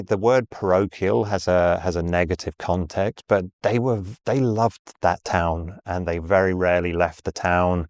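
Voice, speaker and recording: A middle-aged man with a Southern English accent, telling anecdotes in a measured, conversational interview way. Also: sits low, darkish tone, no echo. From England. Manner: measured, anecdotal, with frequent ums and restarts. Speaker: interview guest, sales executive.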